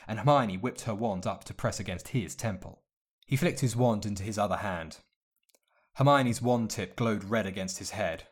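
Male narrator, lower voice, steady and measured storytelling. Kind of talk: audiobook narration of fan fiction.

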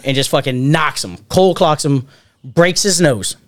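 Man, casual profane storyteller, animated quoting, dry close-miked voice. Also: mid-range voice, normal speed, no room sound. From Alabama family roots. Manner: profane, animated anecdote-telling with acted quotes. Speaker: podcast host.

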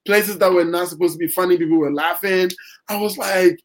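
Guest poet, male, chatty and rambling, voice a touch high. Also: steady tone, fairly quick, low-quality recording. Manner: rambling, many fillers and restarts. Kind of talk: casual interview talk.

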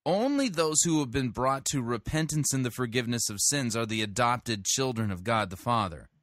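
Host, commentary, bright and pointed, dry close sound, critical and emphatic. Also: male voice, mid-range voice, animated, normal speed, no room sound. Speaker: host reviewing a sermon. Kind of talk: podcast commentary.

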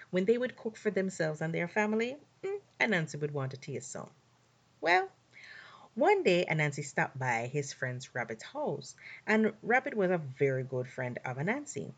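A woman narrates folktales in a low, slightly husky voice. Her delivery is animated and full of swoops in pitch. She draws words out for drama. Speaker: storyteller. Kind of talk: folktale storytelling.

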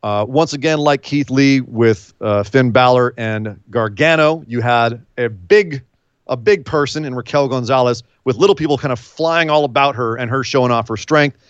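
A man co-hosting a podcast in casual chat, animated, with incredulous outbursts and quick asides. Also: medium pitch, clear, resonant tone, dry recording. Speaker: podcast co-host. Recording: dull, lo-fi dry sound.

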